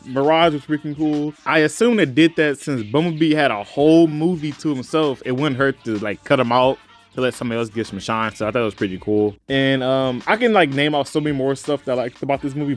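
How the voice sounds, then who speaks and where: A man casually reviewing a movie in a vlog, talking in a loose, rambling way with lots of fillers and profanity, sometimes jumping into excited high-pitched reenactments.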